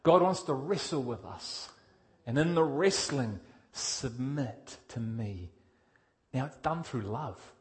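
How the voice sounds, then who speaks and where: A male preacher with a fairly high voice, delivering a sermon with energy. He questions his congregation directly and swings from loud, pushed emphasis to quiet intensity. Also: lively intonation, measured pace.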